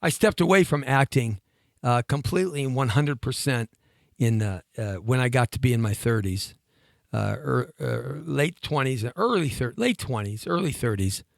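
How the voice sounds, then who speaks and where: A man in his fifties telling a long personal story on a talk show, lively and chatty, laughing between lines and often restarting his sentences. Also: medium pitch, normal speed, vocal fry, no echo, studio quality. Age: 50s.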